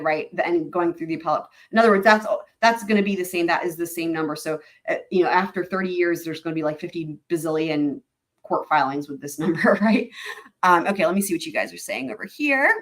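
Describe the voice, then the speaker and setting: A woman's voice: on the low side, a bit bright. Chatty woman reading court filings. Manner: chatty, with many fillers and asides to viewers. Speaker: host of a legal commentary livestream. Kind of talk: casual livestream commentary reading court filings.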